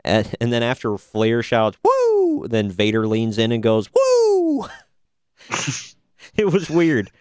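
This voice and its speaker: Laid-back man with a smooth, dry voice. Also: lowish voice, unhurried, pauses often, a little mellow, no room sound. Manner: laid-back, sarcastic, laughs often. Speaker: podcast host reviewing wrestling. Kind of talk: casual chat.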